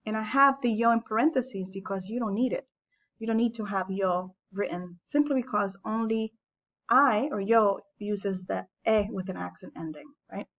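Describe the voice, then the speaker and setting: A woman teaching a language lesson, explaining grammar step by step in a patient, measured way. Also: mid-range voice, a bit bright, lo-fi sound. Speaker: Spanish teacher. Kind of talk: classroom lesson narration.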